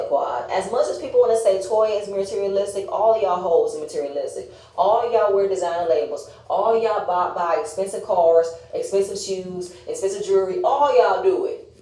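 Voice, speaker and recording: A woman's voice: lowish voice, dark tone. A woman giving a blunt, sassy casual review of a reality show, swearing freely and acting out what the cast said. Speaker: reality TV recapper. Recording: echoey room.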